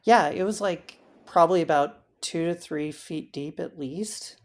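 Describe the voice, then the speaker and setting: A woman as an interview guest, telling her story in a halting way with frequent fillers. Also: deep voice. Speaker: interview guest recounting a hike.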